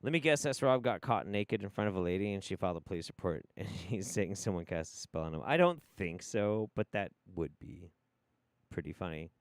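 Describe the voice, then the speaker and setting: Male stream host, low voice, swings his pitch a lot, swears freely, dry sound. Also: brisk, no room sound. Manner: animated, profane, rambling. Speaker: livestream host. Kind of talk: livestream commentary.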